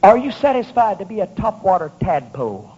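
A man preaching a fervent, rhythmic sermon at a church service, often building up to shouts. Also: high-pitched, very animated, a little fast, husky. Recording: muffled lo-fi recording.

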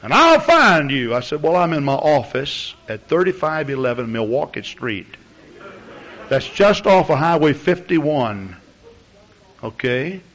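Preaching to his congregation, a pastor begins conversationally and works up to fervent, loud outbursts. He speaks with a fairly high, expressive voice and an unhurried pace, captured in dull lo-fi audio.

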